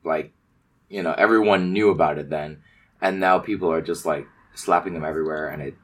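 A man's voice: extremely low pitch, fairly quick. A man co-hosting a podcast in casual, joking chat with many fillers. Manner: laid-back, joking, lots of fillers. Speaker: podcast co-host.

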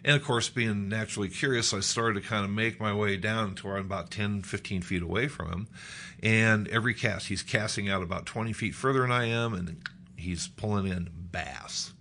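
A middle-aged man from Nebraska telling a personal story on a podcast, animated, acting out quoted lines with a lifted voice. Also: fairly low pitch, normal speed. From Nebraska, United States. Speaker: guest.

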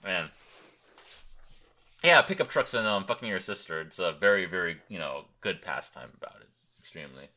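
A man's voice: deep voice, animated, moderate pace, pauses often, pushed and bright. Tired, crude young man rambling on a podcast. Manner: crude, joking, wandering and thinking aloud. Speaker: podcast host. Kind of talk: rambling solo podcast chat.

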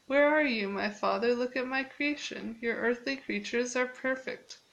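A woman reading aloud as the first man, young and awestruck, asking excited questions. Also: high voice, unhurried, rough recording. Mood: eager.

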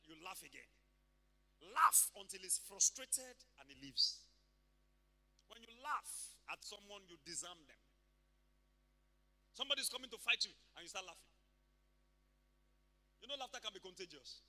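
Animated high-voiced Nigerian preacher. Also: male voice, normal speed, long pauses, long reverb tail. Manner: animated, laughing, dramatic swings from hushed to shouting. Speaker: pastor. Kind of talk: sermon.

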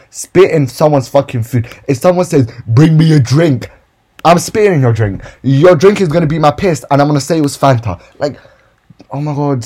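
Young man, husky breathy voice, profane animated rant, casual storytime podcast. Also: mid-range voice. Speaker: podcast host telling retail stories.

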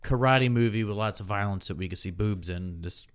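A man guesting on a podcast in casual chat, dropping dry deadpan one-liners. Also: on the low side, fairly quick, clear, resonant tone.

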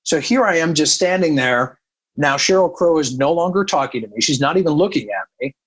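A country radio programmer tells a long story in casual conversation, acting out the dialogue and quoting people with animated energy. His voice is on the high side and brisk, with a breathy edge, and the audio quality is poor.

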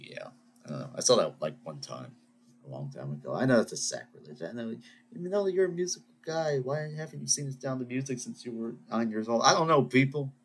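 A man's voice: mid-range voice, very animated, fairly quick, darkish tone, a little hiss or hum. A man hosting his own podcast, ranting and rambling in a self-deprecating way. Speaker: podcast host. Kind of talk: solo rant podcast.

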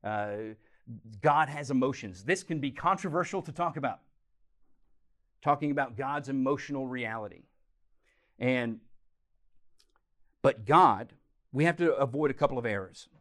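A man preaching a teaching sermon, animated, swinging from loud emphasis to quiet, intense moments. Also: medium pitch, a little slow, pauses often. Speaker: pastor.

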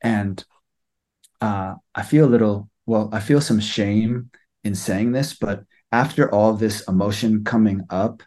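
A young man with a slightly low voice talks through a personal experience in a soft, halting way. He pauses often and leans on fillers as he searches for words. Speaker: student sharing experience. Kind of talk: reflective personal sharing.

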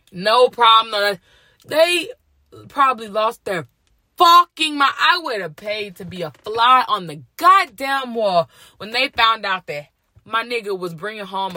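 A woman's voice: fairly high pitch, lively intonation, unhurried, bright, forceful tone, no room sound. A woman hosting a casual celebrity gossip podcast, brash and profane, ranting and joking. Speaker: podcast host.

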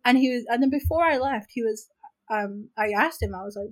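A woman with a New Zealand accent, a podcast co-host telling a story in casual chat, frank and animated, swearing freely and saying "like" a lot. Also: fairly high pitch, a little fast, low-quality recording.

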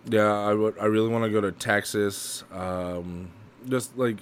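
A man co-hosting a podcast, chatting casually, swearing freely and slipping into quick impressions. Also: lowish voice, steady tone, a little hiss or hum. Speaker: podcast co-host.

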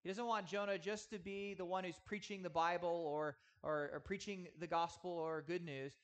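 Man, 30s, pastor delivering a sermon; slightly high voice, earnest and emphatic. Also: fairly even intonation. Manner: earnest, emphatic with slow drawn-out stresses. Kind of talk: sermon teaching.

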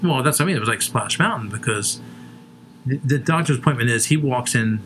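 A man's voice: medium pitch, animated, a little fast, a bit bright, a little hiss or hum. Profane rambling man telling stories. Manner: profane, rambling, laughs at his own jokes. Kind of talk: crude comedic storytelling.

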